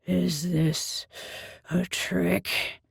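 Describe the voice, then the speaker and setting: A giant male Minotaur, as a woman narrator puts him on, rumbling in a low, gravelly bass. He speaks slowly and demands answers, menacing yet wary, in a dry close-miked audiobook. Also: level tone, no echo, exaggerated voice. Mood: demanding. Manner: slow, booming questions. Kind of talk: audiobook character voice.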